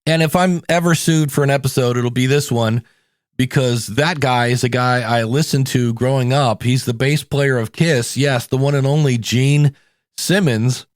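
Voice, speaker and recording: A middle-aged man from the United States hosting a solo podcast, talking in a chatty, conversational way with animated asides. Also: mid-range voice, moderate pace, no echo, clean studio sound. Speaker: podcast host.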